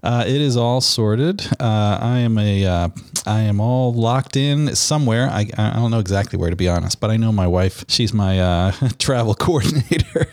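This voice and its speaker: A man's voice: lowish voice, animated, moderate pace, darkish tone, dry recording. Laughing American man, dry close sound. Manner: laughs often, hesitant with many fillers. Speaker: podcast co-host. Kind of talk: casual chat.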